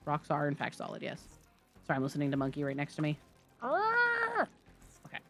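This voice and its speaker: A woman's voice: deep voice, completely flat delivery, rapid-fire, soft background music. A woman streaming live gameplay, chatting and joking with her viewers as she plays. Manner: chatty, jokey, talks to chat. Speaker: game streamer.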